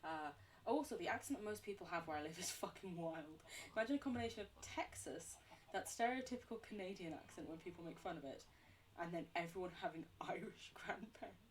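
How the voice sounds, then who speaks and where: A woman's voice: lowish voice, expressive, fairly quick, slight background noise. A woman livestreaming a game, rambling and chatting with her viewers, laughing often and joking about herself. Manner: responds to chat between game talk. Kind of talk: casual gameplay chat with viewers.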